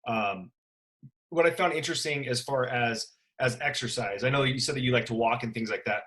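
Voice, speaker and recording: Man hosting a podcast, medium pitch. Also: fairly quick, a bit bright. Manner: loose, searching phrasing while framing questions. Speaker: podcast host. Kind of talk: casual interview chat.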